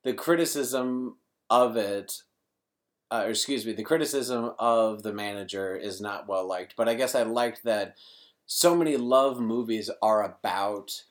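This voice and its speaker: A man's voice: fairly low pitch, measured pace. A man co-hosting a casual movie discussion, rambling and correcting himself as he talks. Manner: rambling, self-correcting, frequent laughs. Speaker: podcast co-host.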